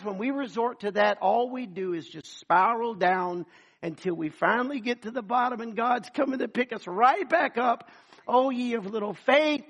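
High-voiced preaching man. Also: a bit bright. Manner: preaching with acted-out voices and calls to the congregation. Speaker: pastor. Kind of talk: sermon.

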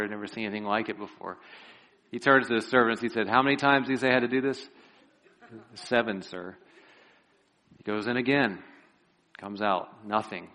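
A man preaching a sermon who retells a Bible story vividly, with lively asides and an earnest, pleading tone. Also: lowish voice.

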